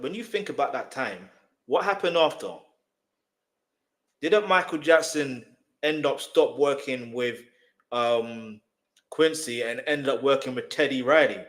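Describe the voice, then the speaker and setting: A man's voice: a little high, fairly bright tone. A man hosting a reaction video, chatting casually and often checking that the listener follows. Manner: chatty, repeats himself, asks if you follow.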